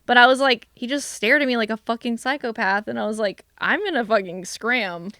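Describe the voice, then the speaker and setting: A young woman co-hosting a casual podcast, telling animated, swear-filled stories full of "like"s. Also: on the high side, quick pace, clean tone, no room sound, studio quality. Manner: animated, profane storytelling with many "like"s. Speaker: vlogcast co-host. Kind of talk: casual chat.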